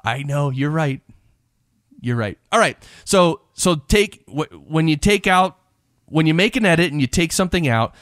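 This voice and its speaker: A man hosting a podcast interview, chatty and quick to laugh, leaning on fillers as he asks questions and builds on his guest's answers. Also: fairly high pitch, a bit bright, no room sound, studio quality. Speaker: podcast host. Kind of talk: conversational interview.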